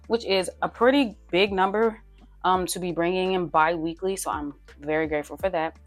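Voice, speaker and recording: A young adult woman who runs a budgeting vlog talks casually and playfully as she works through a household budget on paper, teasing herself while reading the numbers aloud. Her voice is lowish and fairly even in intonation, and she speaks fairly quickly over soft background music.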